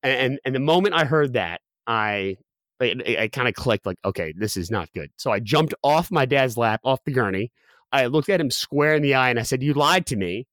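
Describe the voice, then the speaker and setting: Fast-talking man telling a personal story. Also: medium pitch, a bit bright, dry recording, clean studio sound. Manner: candid, many fillers and restarts. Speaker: guest.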